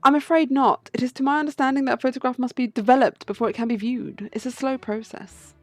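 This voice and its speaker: A woman's voice: sits high, steady tone, quick pace, no room sound, pitched above the performer's own voice, close to an everyday voice. A gracious, formal baron welcoming visitors to his manor in a game, read out by a woman. He speaks with stiff, polite courtesy. Game playthrough read-aloud.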